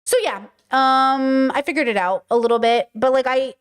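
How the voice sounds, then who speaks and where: A woman hosting a stream chats casually with her audience and tells stories in a blunt, animated way, swearing a lot. Her slightly high voice moves at a normal speed, and the tone is clean.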